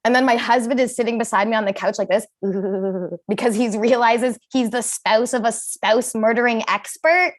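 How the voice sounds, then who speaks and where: Animated self-mocking comedienne. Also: female voice, on the high side, normal speed. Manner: self-deprecating, animated punchlines. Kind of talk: stand-up comedy set.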